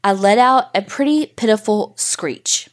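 A woman podcast host reading a first-person paranormal story in a casual, profane, animated way. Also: mid-range voice, a little slow.

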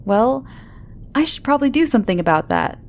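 A woman's voice: a little high, very animated, a little fast, voice pushed up. Woman doing a joking tired dad. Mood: playful. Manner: jokey, affectionate. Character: tired, warm-hearted young father.

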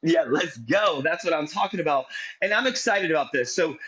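A man's voice: a little high, animated, a little fast, a bit bright, low-quality recording. A man hosting a livestream interview, talking energetically and rallying viewers to share and comment. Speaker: host.

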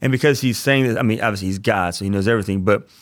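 Male priest host, low voice, dry booth sound, earnest casual teaching. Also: very fast, dry recording. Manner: earnest, enthusiastic, repeats phrases.

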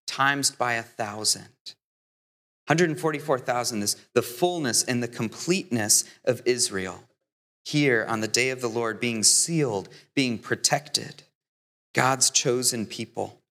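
A man preaching a sermon as deacon, earnest, building to emphatic peaks and slowing on key phrases. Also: medium pitch, a bit bright. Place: church. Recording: long hall reverb.

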